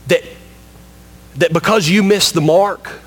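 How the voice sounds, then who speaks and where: A man preaching a sermon in a church in a high voice. He is emphatic and repeats his points, speaking straight to his listeners as friends. He slows down to stress the key lines. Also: slightly rough. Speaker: pastor.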